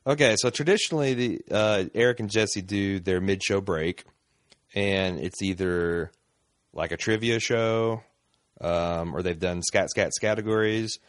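A man co-hosting a podcast in loose, rambling chat, leaning on fillers as he goes. His voice sits low, and the recording is dry and close. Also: measured pace, no room sound. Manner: rambling, frequent fillers and laughs. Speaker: podcast co-host.

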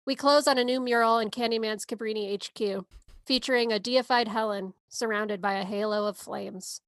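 A woman's voice: a little high, fairly even intonation, normal speed, dry recording. A woman podcast co-host giving a movie synopsis in a casual, sarcastic way. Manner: sarcastic, wry asides.

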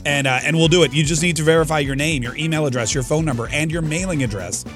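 A man's voice: a little high, quick pace, fairly bright tone, soft background music. A middle-aged man hosting a talk show, sarcastic and riffing in a comedic political monologue. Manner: sarcastic, riffs with acted-out quotes and laughs. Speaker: radio talk host.

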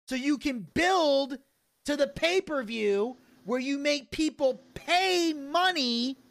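A man's voice: extremely high pitch, vocal fry, sharp tone. A man co-hosting a casual podcast, ranting heatedly and profanely and arguing through rhetorical questions. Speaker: podcast co-host.

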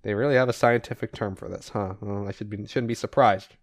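A man co-hosting a podcast, casually retelling comic book issues with animated voiced quotes and the odd swear. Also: lowish voice, brisk. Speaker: podcast co-host recapping comics. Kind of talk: casual comic recap chat.

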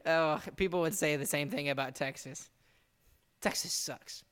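A man's voice: on the high side, unhurried, fairly bright tone, clean tone. A man hosting a casual sports podcast, rambling and exasperated, laughing now and then as he talks. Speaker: podcast host. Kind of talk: casual chat.

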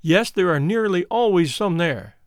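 A man reading the part of a frightened young woman who recounts her twin sister's death, in an earnest, measured storybook telling. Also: sits high, expressive, no room sound, clean studio sound. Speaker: audiobook reader.

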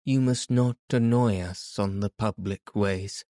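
A man's voice: lowish voice, steady tone, measured pace, dark tone, dry recording, clean studio sound, close to an everyday voice. A man doing a stern cold chaperone. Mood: firm. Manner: firm, dismissive. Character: stern older female chaperone, cold and firm.

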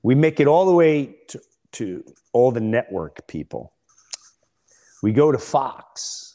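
A middle-aged man hosting a comedy podcast, telling an animated story and acting out the people in it. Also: mid-range voice, takes it slowly. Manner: animated, acts out other people's voices. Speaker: host.

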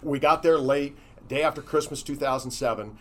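A man who works as a hockey broadcaster, telling stories in a casual interview, chatty and quick to laugh. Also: a little high.

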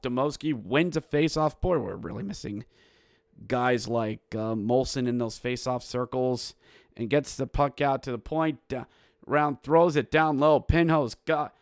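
A man hosting a hockey podcast, recapping a game with animated play-by-play and bursts of yelling. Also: fairly high pitch, clean tone, no echo, studio quality. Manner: animated, yells play-by-play with goal calls. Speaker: podcast host.

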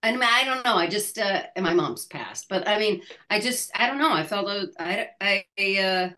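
Bright-voiced actress in her sixties, halting. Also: medium pitch, lively intonation. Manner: halting, laughing storyteller with many restarts. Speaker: actress guest. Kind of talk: casual interview chat.

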